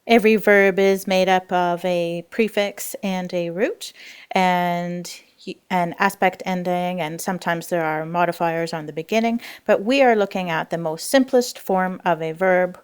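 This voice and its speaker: A woman's voice: lowish voice, clean tone. A woman language teacher explaining grammar rules in a recorded lesson, patient and explanatory with frequent fillers.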